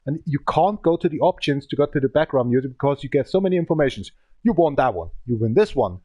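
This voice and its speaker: Man in his thirties, rambling gamer commentary, broken English, complaining, medium pitch. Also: animated, fast, warm tone, husky, dry recording, muffled recording. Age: 30s. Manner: speaking with a cigarette in his mouth. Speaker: gaming channel host. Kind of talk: rambling casual gameplay commentary.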